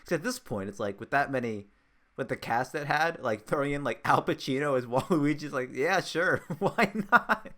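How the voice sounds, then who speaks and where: A man's voice: mid-range voice, a little fast, fairly bright tone. A man co-hosting a casual podcast chat, rambling with frequent restarts and laughter. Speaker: podcast co-host.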